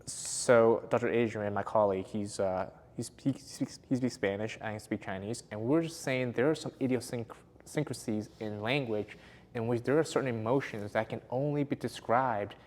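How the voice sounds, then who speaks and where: A man's voice: mid-range voice, moderate pace, darkish tone, long reverb tail. A man hosting a podcast, talking enthusiastically and laughing often. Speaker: podcast host, physiotherapist. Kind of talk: casual interview chat.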